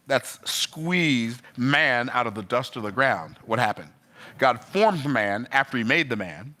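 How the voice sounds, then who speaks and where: A man delivers a sermon in a bright, ringing voice. His delivery rises and falls, and he keeps asking the listener questions. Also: lively intonation, normal speed. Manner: rhythmic preaching, rising and falling in pitch. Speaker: preacher.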